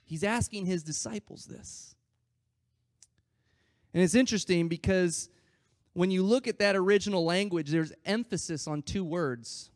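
A man delivers a sermon in a high-pitched voice, recorded dry and close with no room sound. He swings between loud, stretched emphasis and quiet asides, acting out the scripture quotes like a conversation. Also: measured pace, long pauses, dry recording. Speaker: pastor.

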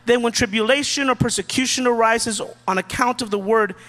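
High-voiced casual preacher in a reverberant hall. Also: male voice, a little fast, bright, forceful tone. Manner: casual, joking preacher who acts out quotes. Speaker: pastor. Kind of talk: sermon.

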